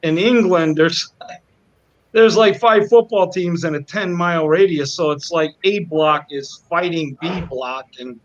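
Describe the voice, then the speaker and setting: Slow-talking man, host. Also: fairly high pitch, dull audio. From United States. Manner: excitable, repeats words when he starts a sentence. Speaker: host of an art livestream. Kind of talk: casual chat, reading out viewer comments.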